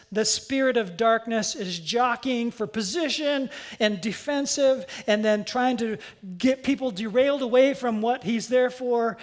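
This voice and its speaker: Pastor, sermon, conversational, asides and self-corrections, middle pitch.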